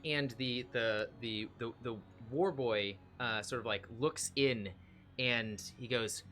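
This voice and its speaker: Bright-voiced game master, halting narration. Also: male voice, medium pitch, a little hiss or hum. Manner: hesitant, many fillers.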